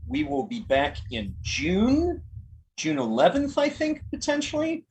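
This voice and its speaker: A game master giving closing thanks on a live stream, talking in halting phrases with pauses and trailing asides. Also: medium pitch, wildly swooping pitch, darkish tone, slight background noise, poor audio.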